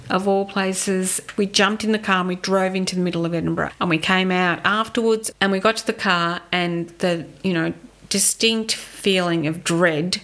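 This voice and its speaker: Gravelly low-voiced Australian woman. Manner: vivid anecdotal storytelling. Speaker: podcast co-host. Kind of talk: casual chat.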